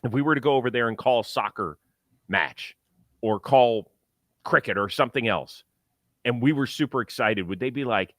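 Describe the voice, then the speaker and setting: A man's voice: mid-range voice, moderate pace, fairly bright tone, dry recording. A man hosting a sports talk show, chatting about baseball in an enthusiastic, joking way and reading ads. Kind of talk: casual sports talk and ad read.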